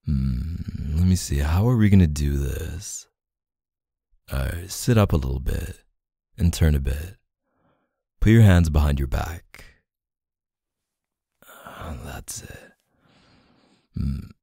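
A man in a whispered role-play as a teasing, playful, dominant boyfriend, speaking softly into a close mic. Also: very deep voice, measured pace, vocal fry, long pauses, breathy edge, no echo.

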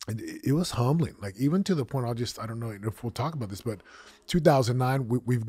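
Husky-voiced man telling his story. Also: mid-range voice, fast, dry recording. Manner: emotional, animated storytelling with acted-out quotes. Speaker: guest, former football champion and coach. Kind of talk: candid storytelling interview.

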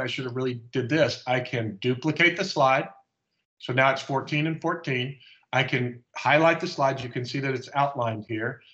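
Man, conference presenter, casual step-by-step demo, mid-pitched voice, slightly dull video-call audio. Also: a bit bright. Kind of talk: live software demonstration.

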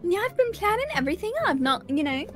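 A woman's voice: sits high, big pitch swings, fast, loud music behind the voice. A British woman playing a cheerful, scatterbrained mom who rambles hesitantly in a game roleplay. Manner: rambling, hesitant, out-of-touch slang.

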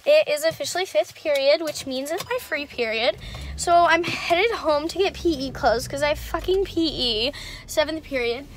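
A woman's voice: high-pitched, normal speed, a little hiss or hum. A teenage girl chatting casually in a vlog, swearing a lot, filmed on a phone in her car. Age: teens. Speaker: vlogger. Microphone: phone camera.

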